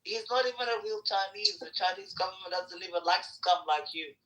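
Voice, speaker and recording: A man's voice: sits high, steady tone, brisk, bright, forceful tone, distant mic, a little hiss or hum, low-quality recording. A man in a heated argument on a live voice chat, aggressive, taunting and hurling insults.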